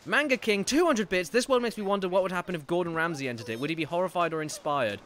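A man's voice: high-pitched, fast talker, a bit bright, a little hiss or hum. A man streaming a video game live, joking around, thanking viewers for donations and reacting to scenes. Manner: joking, self-deprecating, reads out donations.

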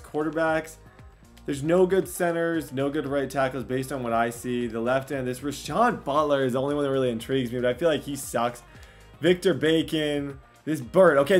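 Excitable young man commenting on gameplay. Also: a little high. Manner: excitable, loud outbursts, self-mocking. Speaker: gaming commentator. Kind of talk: casual game commentary.

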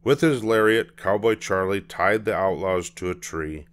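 An older man reading a children's picture book aloud, telling the story in an unhurried, measured way. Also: deep voice, smooth.

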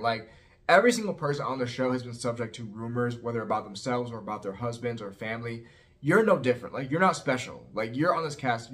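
Male vlogger recapping reality TV: rapid, sassy, gossipy, mid-pitched voice. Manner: sassy, animated, heavy use of "like" and "girl". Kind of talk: casual opinionated recap.

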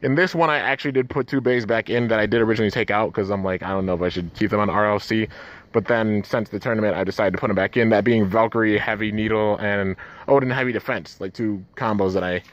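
A man giving casual, excitable play-by-play of his own toy battles outdoors, with his voice jumping up at big moments. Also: fast, muffled recording. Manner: excitable, says man and dude a lot, pitch jumps at big moments. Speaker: toy battle channel host. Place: outdoors, flies around.

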